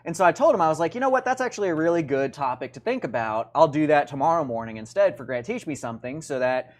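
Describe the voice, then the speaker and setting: A man hosts a casual teaching chat with a pitch that swoops up and down. He jokes around and fills his talk with ums and likes. He has a lively, unscripted way of speaking. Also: quick pace. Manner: animated, joking, lots of fillers. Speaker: real estate investing show host.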